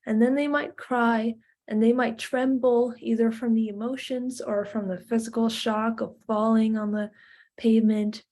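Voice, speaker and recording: A woman's voice: fairly high pitch, level tone, normal speed, dark tone. A woman giving an informal lecture to parents, talking in a chatty way with many fillers.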